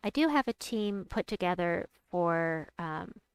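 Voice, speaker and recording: A woman's voice: lowish voice, unhurried, clean tone, no echo. Chatty woman streaming a game. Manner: chatty, reads out and answers chat, squeals with excitement. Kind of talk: casual gameplay commentary.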